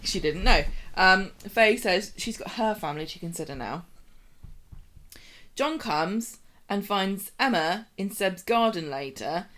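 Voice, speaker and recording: Woman co-host, casual recap chatter, mid pitch, acts out quotes. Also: animated, a little slow, fairly bright tone. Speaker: podcast co-host.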